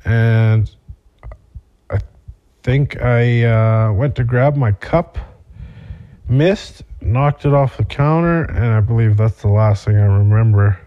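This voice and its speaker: A man's voice: mid-range voice, slow pace, highs cut off. A young man hosting a podcast, telling a rambling, profane personal story with many fillers. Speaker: podcast host. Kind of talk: casual storytelling monologue.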